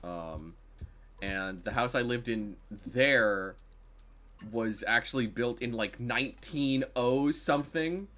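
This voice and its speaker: A man's voice: mid-range voice, takes it slowly, a bit bright. A man co-hosting a game stream, chatting casually and rambling with lots of swearing. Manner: rambling, swears, laughs easily. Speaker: streamer co-host. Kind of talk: casual let's-play chat.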